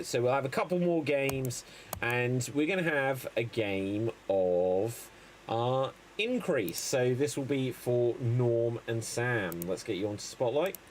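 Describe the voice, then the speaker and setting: A man hosting an improvised comedy stream, explaining game rules in a brisk manner with frequent fillers. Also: mid-range voice, a little hiss or hum, poor audio. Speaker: improv show host. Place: online stream setup.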